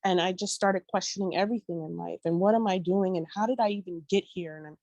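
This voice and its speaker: Animated woman telling a personal story. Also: lowish voice, fast talker, no echo. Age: 30s. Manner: animated, emotional, bursts of exclaiming. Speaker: podcast guest.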